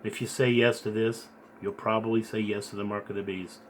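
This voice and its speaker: A man earnestly recounting a dream and preaching in a rambling, halting way, repeating his words. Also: on the low side, level tone, slight background noise. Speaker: video blogger recounting a dream. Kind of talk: earnest spoken storytelling and preaching.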